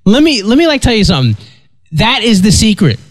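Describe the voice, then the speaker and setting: A man telling a personal story in casual chat, stammering and repeating himself, getting animated as he goes. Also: sits high, a little fast, dry recording. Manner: stammering, animated storyteller who acts out quotes.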